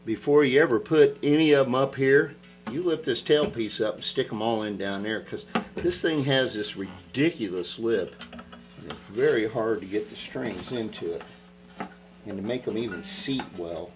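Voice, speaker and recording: A man's voice: medium pitch, moderate pace, low-quality recording. A man talking casually to the camera while repairing an old guitar, rambling and thinking aloud as he works.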